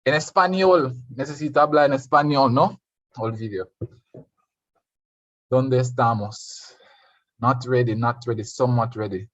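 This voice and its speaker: A man's voice: medium pitch, moderate pace, long pauses, no room sound, lo-fi sound. A man with a Jamaican accent tutoring an online Spanish revision class, switching between English and Spanish and quizzing his students.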